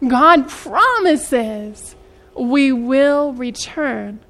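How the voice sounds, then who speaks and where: An earnest woman delivers a sermon in a high voice. She often turns to her listeners with direct questions. When she reaches scripture, her pace slows for emphasis. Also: lively intonation, a bit bright. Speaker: preacher.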